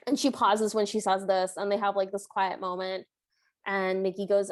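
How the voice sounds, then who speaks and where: A woman's voice: mid-range voice, flat delivery, moderate pace. A woman co-hosting a podcast, recapping a film in a casual, chatty way with lots of filler words. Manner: chatty, filler-heavy storytelling with frequent "like". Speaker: podcast co-host.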